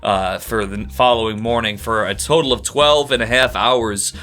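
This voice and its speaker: A man co-hosting a comedy podcast, rambling through deadpan bits over a steady static hiss. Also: lowish voice, normal speed. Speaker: podcast co-host.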